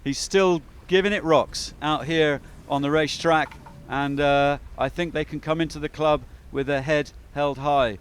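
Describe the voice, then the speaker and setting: Man, sailing race commentator, chatty and upbeat, fairly high voice, faint outdoor noise. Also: steady tone, measured pace. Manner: upbeat, chatty, frequent fillers.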